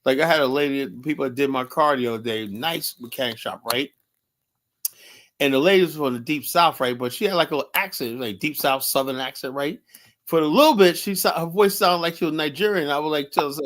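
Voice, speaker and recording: A man's voice: on the high side, a little fast, a bit bright. Rambling American man, casual chat. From United States. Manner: loose rambling talk, swears, trailing asides.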